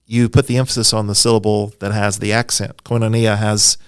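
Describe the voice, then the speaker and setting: A man's voice: fairly low pitch, flat delivery, a little fast, clear, resonant tone, no room sound, studio quality. A man, a Bible scholar guest, explaining at length in a friendly, enthusiastic podcast interview, with a self-deprecating touch.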